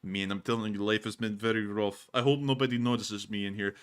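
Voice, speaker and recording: A man's voice: lowish voice, fairly even intonation, brisk, smooth, natural voice. A man putting on a gloomy, self-pitying exiled Russian man with a mock Russian accent, muttering. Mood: mopey.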